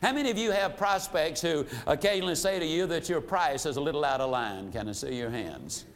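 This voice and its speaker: A man giving an emphatic motivational sales lesson, repeating phrases for effect and slowing down on key points. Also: on the high side, animated, a little hiss or hum. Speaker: sales trainer.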